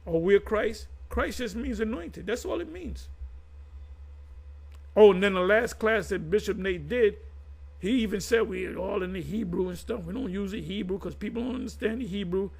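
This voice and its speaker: A man's voice: sits high, normal speed, vocal fry, husky, rough recording. A man giving informal religious commentary to his viewers, reading definitions aloud and explaining them in a conversational way that often repeats itself.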